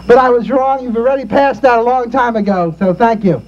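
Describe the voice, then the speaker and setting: A man's voice: sits high, animated, fairly quick, a little mellow, faint music behind. A man hosting and emceeing a backyard talent show, introducing acts and ribbing the performers, recorded on dull lo-fi tape. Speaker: host and emcee. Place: backyard party outdoors.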